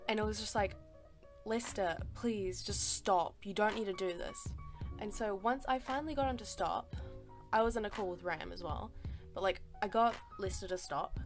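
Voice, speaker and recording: A woman's voice: medium pitch, normal speed, faint music behind. Exasperated woman telling a storytime. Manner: emphatic, exasperated, swears a lot, says "like" and "sis". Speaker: storytime artist. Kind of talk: casual storytime voice-over.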